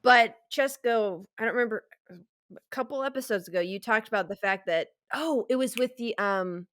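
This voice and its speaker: A woman co-host talks casually in a slightly high voice, recorded dry and close. She is wry and exasperated, and she often breaks into laughter. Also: moderate pace, a bit bright, no echo. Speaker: podcast co-host. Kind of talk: casual chat.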